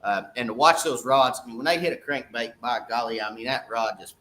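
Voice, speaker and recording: A man's voice: mid-range voice, fairly quick, sharp tone, slight background noise. A middle-aged man, a fishing guide talking casually on a live stream, folksy and repeating "okay?" to his viewers.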